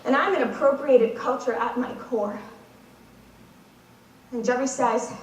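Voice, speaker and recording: A woman's voice: on the high side, unhurried, long pauses. A teenage girl performing a competitive dramatic monologue in a wry, sardonic storytelling manner. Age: teens. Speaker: speech competitor. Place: competition stage in a large hall. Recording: echoey hall from far off.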